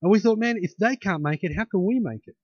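A man delivers a sermon in a slightly higher voice than most men, talking to the congregation as if chatting and often tossing in "hey?" to check they follow. The recording sounds dull and lo-fi, with a dry, close sound and no room echo. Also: lively intonation, fast, a little mellow. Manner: conversational, with frequent "hey?" tags and restarts. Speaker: pastor.

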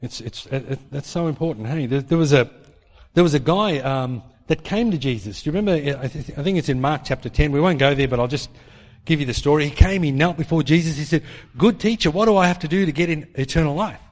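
A man preaching a sermon in an animated way, acting out the voices of people in his stories. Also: fairly high pitch, quick pace. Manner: animated, acts out quoted voices. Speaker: pastor. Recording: long hall reverb.

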